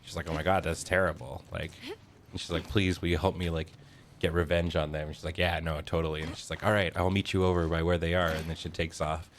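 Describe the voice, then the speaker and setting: A man's voice: deep voice, flat delivery, fast, a little hiss or hum. A man co-hosting a horror game stream, chatting casually and telling stories with a ready laugh. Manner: laughs often, retells stories with acted voices. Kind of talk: casual gaming chat.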